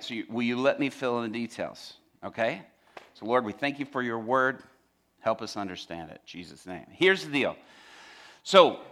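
A man preaching a sermon, telling its story with animated humor. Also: medium pitch.

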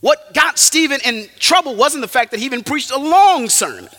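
A man delivers a sermon in a bright, high voice that climbs and dips with wide, lively swings. He presses his points hard, then drops low for asides. His words ring out with the long reverb of a hall. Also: moderate pace. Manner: emphatic, rises and drops sharply for effect. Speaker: preacher.

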